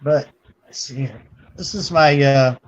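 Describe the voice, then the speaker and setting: A man's voice: mid-range voice, unhurried. A man, a livestream panel guest, chatting in an easygoing, agreeable way. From Kentucky. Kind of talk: casual chat. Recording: dull lo-fi audio with faint noise.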